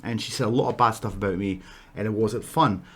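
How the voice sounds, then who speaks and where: A man's voice: lowish voice, a little fast, fairly bright tone, husky. A man with a Scottish accent casually telling a wrestling story, rambling with asides and restarts.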